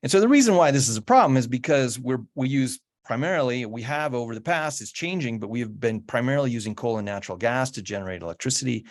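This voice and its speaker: A man's voice: mid-range voice, expressive, fast, hardly any pauses. A man giving a slide presentation, explaining patiently and often restarting his sentences. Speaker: guest speaker on home electrification.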